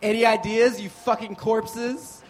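A man's voice: sits high, flat delivery, measured pace, voice pushed up. A man playing a cocky, self-styled bad-boy stand-up comic with a put-on New York accent. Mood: shouting. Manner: cocky, shouting, fake tough-guy act.

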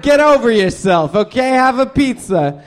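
A blustery old-timer stand-up comic, played by a man, with a voice pitched on the high side. He rambles and brags about his hometown in crude, swaggering bursts. It plays as live character comedy on a stage. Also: expressive, normal speed. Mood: boastful. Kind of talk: improvised character comedy interview.

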